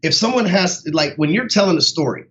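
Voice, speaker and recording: A man's voice: high-pitched, lively intonation, a little fast, a bit bright. Man, sales coach, casual motivational talk, blunt and profane, slightly dull recording.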